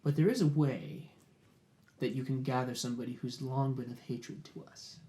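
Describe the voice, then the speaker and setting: A man voicing a shrewd, calm barbarian chieftain who bargains in a low, measured way. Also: a little hiss or hum, lightly acted. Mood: hushed scheming. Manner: low, hushed bargaining, slow and deliberate.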